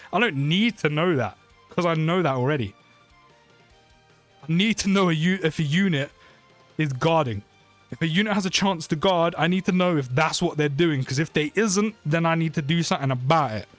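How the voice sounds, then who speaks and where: A young British man giving chatty, excitable gameplay commentary for his channel, often rambling and correcting himself. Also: a little high. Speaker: mobile game YouTuber.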